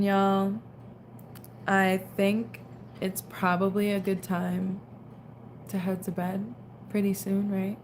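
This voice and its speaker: A woman's voice: medium pitch, a little mellow, a little hiss or hum. A young woman casually chatting on a late-night livestream, reading out viewer comments and sounding tired. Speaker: livestream host.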